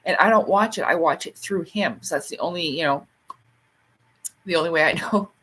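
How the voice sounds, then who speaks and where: Chatty woman host on a casual livestream, rambles, laughs easily, swears lightly, jumps into high squeaky voices when quoting people. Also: fairly quick, husky. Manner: reads out and answers viewer comments; acts out quoted lines in sharp, much higher bursts.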